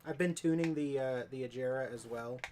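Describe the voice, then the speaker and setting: A man streams a racing game live, talking casually with viewers in a rambling, jokey way. He speaks in a mid-range voice, fairly quickly, with background noise behind him.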